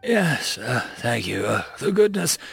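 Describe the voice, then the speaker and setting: A man voicing a wounded, exhausted young man who speaks haltingly, stammering and meandering in pain. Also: mid-range voice, big pitch swings, vocal fry, slightly rough, no room sound, faint music behind, exaggerated voice.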